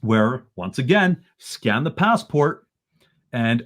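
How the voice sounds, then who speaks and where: A man from Canada, a podcast guest, telling a story in an animated way that rises into excited bursts. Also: medium pitch, moderate pace.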